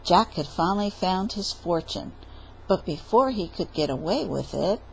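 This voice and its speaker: A woman reading a story aloud at storytime in a playful, expressive way. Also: on the low side, moderate pace, vocal fry, a little hiss or hum, poor audio. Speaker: library storyteller.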